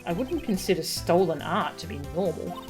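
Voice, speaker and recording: A woman voicing a composed, formal male prosecutor who asks measured questions in game dialogue. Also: fairly low pitch, expressive, a little mellow, soft background music, lightly acted.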